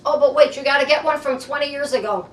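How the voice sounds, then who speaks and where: Woman playing a fretful grown daughter, comedy sketch, pleading and worrying, high voice, echoey room. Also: close to an everyday voice. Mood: coaxing. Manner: fretting, pleading, rapid worrying. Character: fretful adult daughter, anxious and coaxing. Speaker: comic character. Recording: echoey room, mic far off, faint noise.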